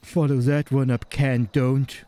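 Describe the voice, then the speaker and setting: A man voicing a forgetful old army veteran in a game role-play, halting and repeating his words as he loses his thread. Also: medium pitch, flat delivery, dark tone, clean tone, close to an everyday voice. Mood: rambling.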